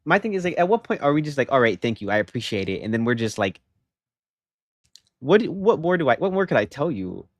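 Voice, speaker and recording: A young man livestreaming, telling a story in animated, rambling casual chat, often saying "bro" and "okay?". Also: fairly high pitch, a little fast, pauses often, no echo.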